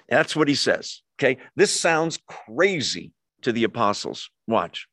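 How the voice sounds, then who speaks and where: A man's voice: mid-range voice, sing-song, a little slow, hardly any pauses, a bit bright, no echo. A man preaching to a congregation in a conversational way, often asking the room questions. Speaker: pastor. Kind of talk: sermon. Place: church hall with a live congregation.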